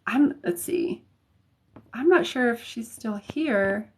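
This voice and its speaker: Chatty American woman, higher voice. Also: lively intonation, slow, breathy edge. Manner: chatty, hesitant, many fillers. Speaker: psychic reader on a livestream. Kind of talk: casual livestream chat.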